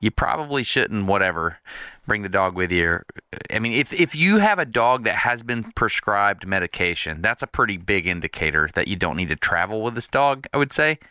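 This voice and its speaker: A man's voice: on the low side, moderate pace, clean tone, no echo. A man co-hosting a podcast, telling a story in casual chat, laughing a lot and acting out what people said. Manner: lively, laughs a lot, acts out quotes. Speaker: podcast co-host.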